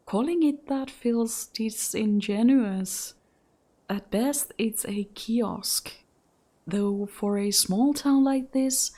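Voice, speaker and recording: A woman's voice: mid-range voice, darkish tone. A woman hosting a gaming channel, giving chatty commentary and whispering the story narration of a visual novel as she reads it aloud.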